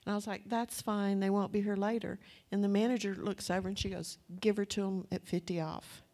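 A woman's voice: medium pitch, steady tone, a little fast, a little mellow. A woman preaching a testimony sermon, telling her story in a chatty, breathless way and acting out her own past words. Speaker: church speaker.

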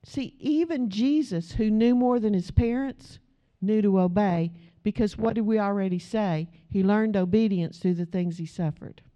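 A woman's voice: medium pitch, normal speed, mellow. A middle-aged woman preaching a sermon in a conversational way, asking the audience questions.

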